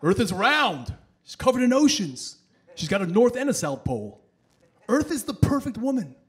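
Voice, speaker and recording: Male stand-up comic in his thirties, lively storyteller, a bit higher-voiced. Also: moderate pace, breathy edge. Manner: animated storytelling, acting out voices. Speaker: stand-up comedian. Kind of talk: stand-up comedy set. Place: comedy stage with laughing audience.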